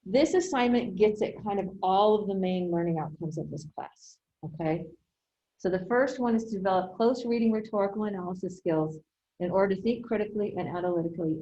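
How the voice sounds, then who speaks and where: A woman's voice: fairly low pitch, warm tone, lo-fi sound, slight background noise. A woman college writing instructor giving an online class lecture over a video call, talking conversationally and often checking in with "okay?".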